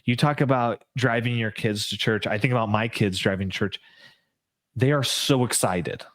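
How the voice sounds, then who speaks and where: A man's voice: mid-range voice, moderate pace, fairly bright tone, dry recording, clean studio sound. A man hosting a faith podcast, talking in an earnest, rambling way with many fillers. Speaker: podcast host. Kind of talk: casual interview chat.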